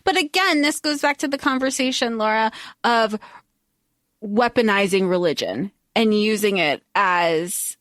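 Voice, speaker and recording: A young woman co-hosting a podcast, chatting excitedly and swearing casually as she talks through a movie. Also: medium pitch, a little slow, no room sound, studio quality. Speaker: podcast co-host. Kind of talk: casual movie recap chat.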